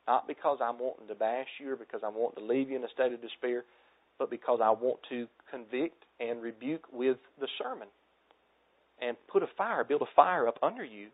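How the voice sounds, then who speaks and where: A man in his thirties preaching a sermon to his congregation, earnest and exhorting, often dropping soft for emphasis. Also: mid-range voice. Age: 30s. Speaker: pastor. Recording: tinny phone-like audio.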